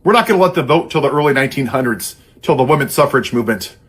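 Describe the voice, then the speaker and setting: A man's voice: medium pitch, expressive, racing, a bit bright, husky. A man giving an angry, sarcastic political monologue in an impassioned, ranting way. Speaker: political commentator.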